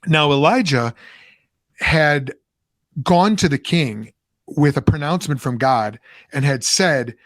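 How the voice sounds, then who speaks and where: Animated storytelling man, dry sound. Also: a little high, takes it slowly, pauses often, no echo. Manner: animated storyteller, many restarts and asides. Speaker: podcast host, former pastor. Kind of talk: casual Bible talk answering a question.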